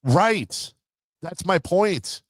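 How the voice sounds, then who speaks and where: A man co-hosting a sports radio show, bantering in an animated, emphatic way. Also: sits high, no room sound. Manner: animated, quick to jump in, emphatic. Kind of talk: casual studio banter.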